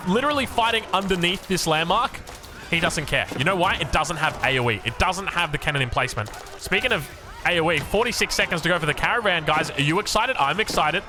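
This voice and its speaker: An Australian man giving animated, jokey esports match commentary with self-mocking asides. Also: a little high, fast. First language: English. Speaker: game caster.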